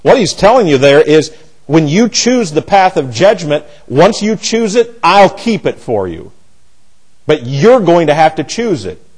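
A man leads a Bible class lecture with a blunt, emphatic delivery. His voice sits a little high for a man, and he often stops and restarts his sentences as he presses his points. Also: sing-song, unhurried, darkish tone, breathy edge, low-quality recording. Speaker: Bible teacher.

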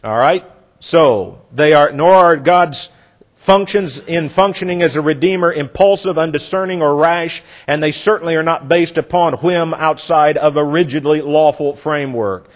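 A man preaching a sermon, telling a story earnestly and dropping soft for effect. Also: a little high, moderate pace.

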